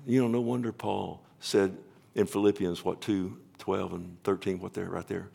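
A man's voice: low-pitched, level tone, moderate pace, creaky. Emotional preaching man in his fifties. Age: 50s. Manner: rambling restarts, rising to loud proclamation; emotional, pleading. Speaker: pastor. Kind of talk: sermon with altar call.

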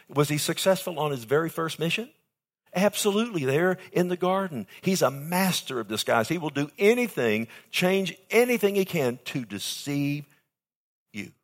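A man preaching a sermon as pastor, with emphatic delivery that swings from hushed to loud and keeps asking the audience questions. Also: on the high side.

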